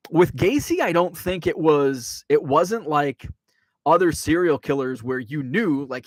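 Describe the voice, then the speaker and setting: A man hosting a casual card-collecting livestream, talking in a slightly higher voice than most men. He rambles along, restarting his sentences and leaning on fillers, and his voice sits dry and close with no room echo. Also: fairly bright tone. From Illinois. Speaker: sports card collector and channel host. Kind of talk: casual livestream chat, reading viewer comments.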